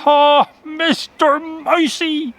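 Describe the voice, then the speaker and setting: Storybook rabbit, panicky and shrill, voiced by a male reader; bright, sharp tone. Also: wildly swooping pitch, takes it slowly, heavily acted. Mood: despairing. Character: frightened, excitable male rabbit.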